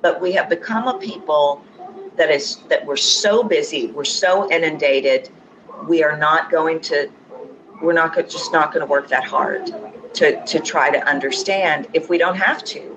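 Low-voiced woman voice coach. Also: a little slow, highs cut off. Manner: confident, explanatory, emphatic. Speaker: accent and voice coach. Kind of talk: guest in a podcast interview. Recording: audible background noise.

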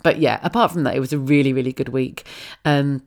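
Casting: low-voiced woman in her thirties, stuffy with a cold, chatty storyteller. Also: a little fast. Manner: chatty and storytelling, laughs often. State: has a head cold. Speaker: podcast host. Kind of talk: casual monologue.

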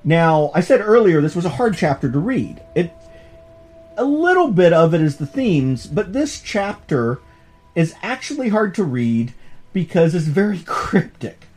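A man's voice: on the high side, measured pace, faint music behind. A man hosting a podcast course as professor, lecturing casually and joking along the way. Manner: animated, joking, digressive. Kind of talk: casual lecture on a comic book.

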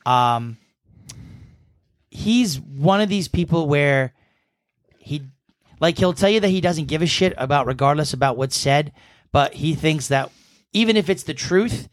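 A man's voice: a little high, expressive, a little slow, long pauses, no echo, studio quality. A man from New England hosting a podcast, telling long stories with a rambling, profane manner. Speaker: podcast host. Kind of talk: casual chat.

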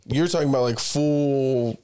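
A man's voice: medium pitch, measured pace, warm tone, smooth. A man in a casual podcast chat, speaking bluntly and swearing freely. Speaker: podcast host.

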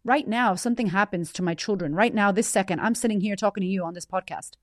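A woman in her thirties hosting a podcast, telling a personal story in a blunt, animated way with frequent swearing. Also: medium pitch, fast, dry recording, clean studio sound. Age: 30s. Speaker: podcast host. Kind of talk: candid personal storytelling monologue.

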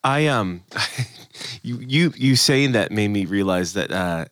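A man's voice: lowish voice, expressive, slow pace, no echo, clean studio sound. A man in his thirties chatting casually about faith, telling stories animatedly and acting out other people's lines. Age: 30s.

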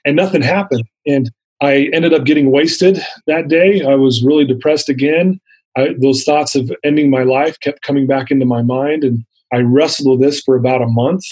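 A man's voice: medium pitch, fairly even intonation, normal speed, a little mellow, breathy edge, low-quality recording. A man in his fifties sharing his personal story as an interview guest, earnest and vivid, acting out the dialogue he quotes.

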